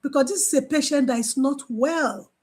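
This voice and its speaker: A woman gives an informal training talk as a mental health nurse. She is animated, repeats key phrases for emphasis, and acts out her exchanges with patients. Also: high voice, moderate pace.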